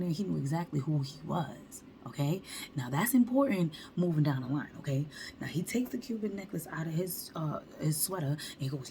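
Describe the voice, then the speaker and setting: A woman with a low voice tells a storytime monologue straight to her viewers. She talks in animated slang and acts out every quote, with a faint hiss of noise behind her. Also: quick pace. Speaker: vlogger.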